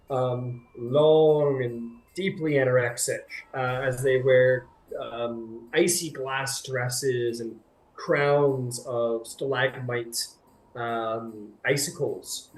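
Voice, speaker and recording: Guy running a tabletop game, casual, lots of ums, roomy echo, faint music. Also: medium pitch. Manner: casual, many fillers. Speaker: game master. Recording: echoey room with faint music.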